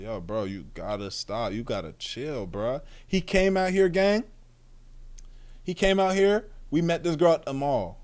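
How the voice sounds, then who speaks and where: A man's voice: on the high side, a little mellow, clean tone. A young man streaming and reacting to a video, talking casually with lots of slang, swearing and restarts. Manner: rambling, slangy, swears freely, restarts often. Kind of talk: casual chat.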